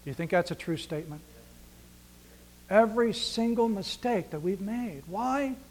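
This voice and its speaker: A man preaching a sermon as pastor, swinging between loud emphasis and near-whispered hushes, acting out dialogue and asking rhetorical questions. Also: high voice, animated, moderate pace, a little hiss or hum.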